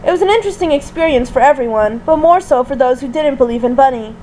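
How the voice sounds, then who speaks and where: Woman narrator, high voice, steady home audiobook reading, small slips. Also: quick pace, a little hiss or hum, low-quality recording. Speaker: audiobook reader. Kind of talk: reading fan fiction aloud.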